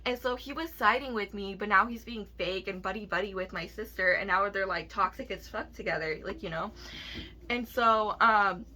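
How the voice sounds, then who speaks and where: A woman's voice: mid-range voice, normal speed, sharp tone. A young woman telling a personal story in a rambling, profane vlog rant full of "like". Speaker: vlogger.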